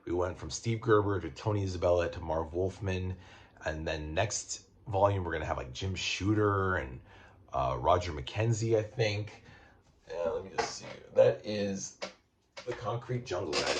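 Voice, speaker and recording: A man's voice: low-pitched, moderate pace. A very tired man casually reviewing comic books on his channel, rambling and joking crudely.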